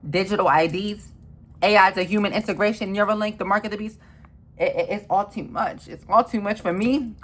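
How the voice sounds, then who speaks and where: A woman in an impassioned, swearing rant who repeats herself and swings between loud outbursts and low mutters. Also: a little hiss or hum.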